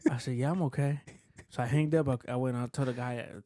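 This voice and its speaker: A man's voice: medium pitch, steady tone, fast talker, dark tone, no echo, studio quality. A man in casual podcast chat, rambling and profane, restarting his sentences as he tells a story. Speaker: podcast co-host.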